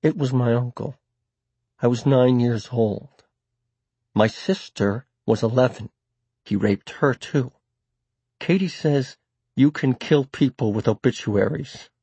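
A man narrating an audiobook voices a timid young woman with a tiny mouse voice, speaking in a halting way that grows stronger. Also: medium pitch, slightly rough, no room sound, pitched above the performer's own voice. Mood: pained, rising. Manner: quiet, halting, growing stronger and near tears. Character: young woman, timid abuse survivor, fragile. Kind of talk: audiobook character voice.

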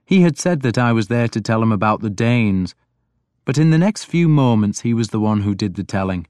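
A man's voice: fairly low pitch, expressive, a little fast, darkish tone, clean tone, no room sound. Man narrating an audiobook, dry close sound. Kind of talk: scripted first-person narration.

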